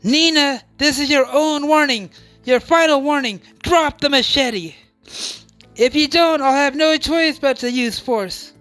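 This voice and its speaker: A woman voicing a stubborn young man who talks in a measured, firm way, pitched lower than her own voice. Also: fairly bright tone, no echo, soft background music.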